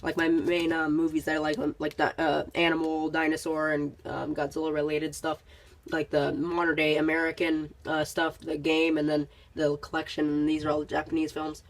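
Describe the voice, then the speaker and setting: Young vlogger, sick, congested, rambling, halting, lots of ums, casual channel update, middle pitch, phone recording. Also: completely flat delivery. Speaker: YouTube channel host.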